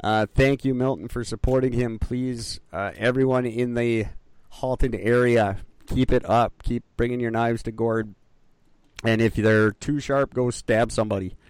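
A man's voice: mid-range voice, fairly even intonation, unhurried, a little mellow, smooth, dry recording. Guy rambling on his podcast, jokey and self-deprecating, dry close sound. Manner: joking, rambling, self-mocking. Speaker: podcast co-host. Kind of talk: casual chat.

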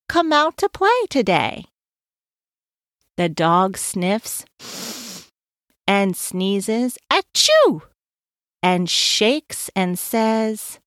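A woman reading a children's story aloud in a gentle way, pausing to ask the listening child questions. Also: mid-range voice, no room sound, clean studio sound.

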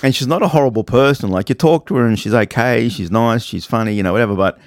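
A man's voice: medium pitch, fast, no echo, studio quality. A man, telling a travel story in casual chat as podcast co-host, rambling and acting out the voices of people he quotes.

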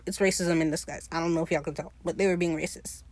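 A woman hosting a podcast, recapping a TV episode in a casual chat. She swears freely and acts out the characters' lines in quick quotes. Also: low-pitched, steady tone, darkish tone, no echo. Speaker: podcast host.

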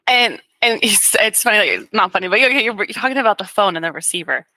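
A woman with a bright, clear voice hosts an interview, gently prompting her guest and affirming each point. Her voice sits close and dry on the mic, with no room sound. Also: mid-range voice, animated, quick pace, dry recording. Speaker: podcast host. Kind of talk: interview conversation.

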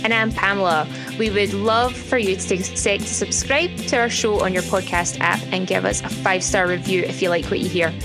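A woman's voice: mid-range voice, fairly even intonation, brisk, hardly any pauses, music in the background. Friendly Scottish woman podcast co-host. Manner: friendly, teasing, reads promos smoothly. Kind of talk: casual chat.

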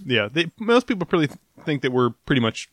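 A man's voice: fairly high pitch, very animated, quick pace, a bit bright, dry recording. A man co-hosting a comedy podcast, trading dry, sarcastic quips in casual chat. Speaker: podcast co-host.

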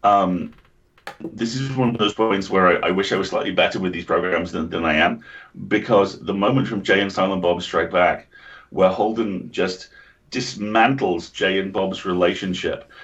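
Low-voiced Englishman swearing casually. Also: highs cut off. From England. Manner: swears freely, animated storyteller. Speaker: podcast co-host. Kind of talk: casual chat.

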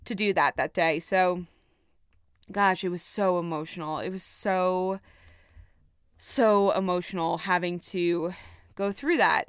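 A woman's voice: on the low side, fairly bright tone, clean tone, dry recording, studio quality. A young woman hosting a podcast, telling a personal story in a frank, emotional way with casual swearing. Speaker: podcast host.

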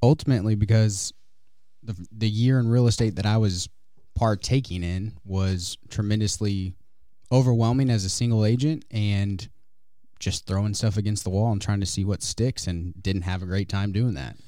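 A man's voice: on the low side, normal speed, dark tone, no echo. A man from West Texas, a guest real estate agent, talking in an easygoing, earnest way in a radio studio. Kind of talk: casual interview talk.

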